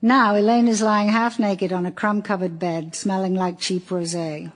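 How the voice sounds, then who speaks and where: A woman narrating an audiobook in a wry, measured storytelling voice. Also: mid-range voice, steady tone. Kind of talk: audiobook reading.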